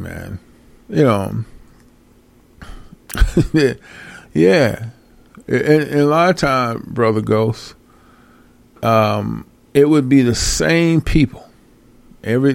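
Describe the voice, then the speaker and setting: A man's voice: medium pitch, vocal fry, a little mellow, no room sound. A man hosting a talk show, ranting in an exasperated, profane way and laughing often. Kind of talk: casual ranting commentary.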